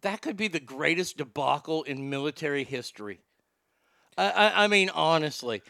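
An excitable man hosting a podcast with a high, bright voice and a gravelly edge. He banters casually, swears freely and trips over names while reading the news. The sound is close and dry. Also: moderate pace, no echo. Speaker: podcast host.

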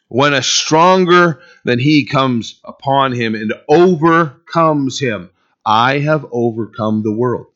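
A man preaching a sermon as pastor, swinging from loud emphatic lines to quiet asides. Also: mid-range voice, unhurried, muffled recording.

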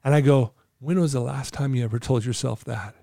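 A man's voice: mid-range voice, fairly quick, creaky, mellow, no room sound, studio quality. A man talking as a guest in an interview, telling stories in an earnest way and acting out talks with his clients. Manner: earnest, acts out dialogue with clients. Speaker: podcast guest, client coach. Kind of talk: conversational storytelling interview.

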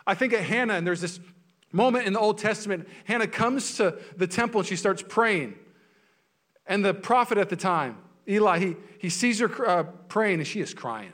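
Energetic young male pastor preaching. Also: sits high, normal speed. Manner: energetic, conversational, repeats words while getting started. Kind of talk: sermon.

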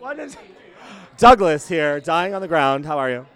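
A man hosting a podcast in casual chat at a venue after a concert, with a worn, hoarse voice after a night of singing. He is excitable, theatrical and laughs often. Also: fairly high pitch, moderate pace, a faint crowd. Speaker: podcast host.

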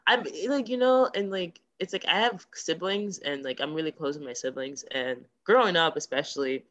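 A woman's voice: low voice, lively intonation, moderate pace, a bit bright, dull audio. A woman chatting casually as a podcast guest, teasing and laughing often. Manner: giggly, teasing. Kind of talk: casual chat.

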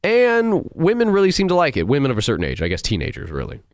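A man hosting a movie review show, ranting in an animated, sarcastic and incredulous way. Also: a little high, quick pace, no echo, clean studio sound. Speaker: host.

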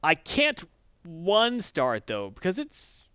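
A man's voice: high voice, huge pitch swings, slow pace, a bit bright, smooth, dry recording. A man casually reviewing comic books, sarcastic and exasperated, rambling through his opinions. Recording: dull, lo-fi, dry.

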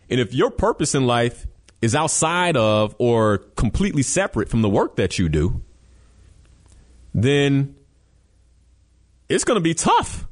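An emphatic man hosts a motivational radio talk show. He turns to the listeners and presses his points home, and his pitch rises and falls a lot as he goes. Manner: preachy, emphatic, addresses listeners directly.

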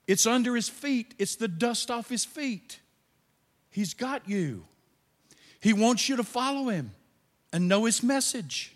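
High lively-voiced pastor preaching slow in a big echoey church, swings up and down a lot. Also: male voice. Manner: animated preaching, drops to quiet asides. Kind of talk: sermon. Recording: long reverb of a large hall.

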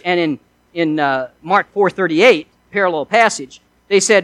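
A man's voice: sits high, a little slow, fairly bright tone, no room sound, rough recording. A male pastor preaching a sermon in an earnest way, asking his listeners one rhetorical question after another.

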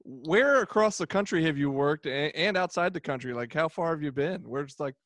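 A man's voice: a little high, animated, normal speed, fairly bright tone, no room sound. A man hosting an interview, asking curious follow-up questions. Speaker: podcast host.

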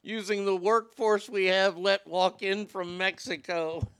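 A man's voice: high-pitched, fairly even intonation, slow pace, fairly bright tone, smooth. A man hosting a crude, sarcastic political commentary show, swearing and mocking as he reads the news. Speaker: show host.

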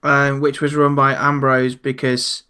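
A man's voice: mid-range voice, monotone, measured pace, bright, forceful tone, clean tone. A man co-hosting a casual podcast, recapping shows and often breaking into laughter. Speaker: podcast co-host. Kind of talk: casual chat.

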